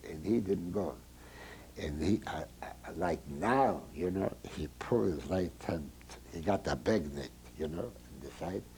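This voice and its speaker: Older guy telling his story, low mellow voice, broken english, faint hiss behind. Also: poor audio. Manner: halting broken English mixed with German phrases. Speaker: Holocaust survivor giving testimony. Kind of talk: oral history testimony.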